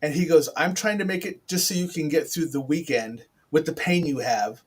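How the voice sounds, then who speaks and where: A man's voice: on the high side, normal speed, husky. A middle-aged man hosting a casual chat, telling a personal story in a rambling, upfront way with many restarts. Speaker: podcast host.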